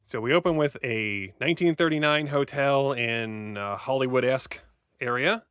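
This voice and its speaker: A man co-hosting a casual podcast, joking and sarcastic as he rushes through a summary. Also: medium pitch, fairly bright tone, clean tone, no room sound, studio quality. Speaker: podcast co-host.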